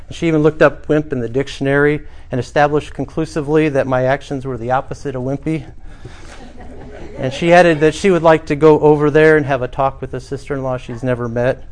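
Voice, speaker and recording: A middle-aged man preaching a sermon, telling a personal story earnestly and rising to emphatic swells. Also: mid-range voice. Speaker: pastor.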